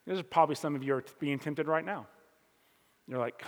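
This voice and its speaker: A man preaching a sermon as pastor, talking conversationally and swinging from loud emphasis to quiet asides. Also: on the high side, moderate pace, pauses often. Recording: long hall reverb.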